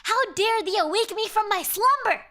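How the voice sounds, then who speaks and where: A woman's voice: extremely high pitch, lively intonation, normal speed, pushed and bright, pitched above the performer's own voice, heavily acted. A woman voicing a pompous male demon who speaks in archaic, haughty phrases.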